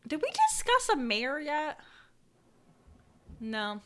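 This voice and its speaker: Brief: woman game master, rambling and halting, slightly high voice, video-call audio. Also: sing-song, a bit bright. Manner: rambling, full of likes and ums. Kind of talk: playing a grieving townswoman in a tabletop game.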